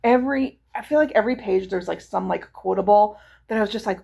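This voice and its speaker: A woman's voice: mid-range voice, fast, gravelly, hardly any pauses, darkish tone. A young adult woman chatting enthusiastically about books she read, with lots of fillers. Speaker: book vlogger. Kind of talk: casual book review chat.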